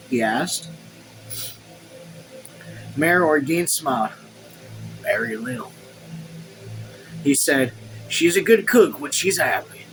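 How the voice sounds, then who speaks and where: A man hosting a casual book read-along at home, reading the text and even the punctuation aloud, then breaking off into excited, swear-filled asides. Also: a little high, background noise. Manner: reads quotes and punctuation marks aloud. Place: his room at home.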